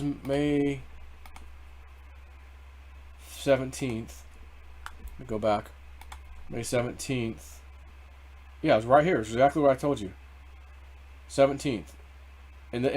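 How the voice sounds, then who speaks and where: A man hosting a casual crypto video, rambling through a dream story with many restarts. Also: medium pitch. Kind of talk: casual monologue.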